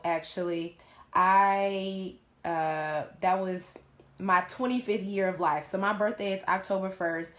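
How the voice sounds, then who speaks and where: A woman in her late twenties, hosting a live Q&A, who shares her personal story in a casual, candid way and swears freely. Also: medium pitch. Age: late 20s. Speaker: host of a live Q&A stream. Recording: roomy echo.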